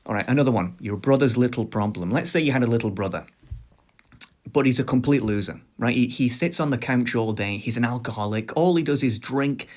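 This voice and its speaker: A man's voice: medium pitch, a little fast, a little mellow. A man hosting a commentary video, casually walking through hypothetical scenarios with sarcastic asides and rhetorical questions.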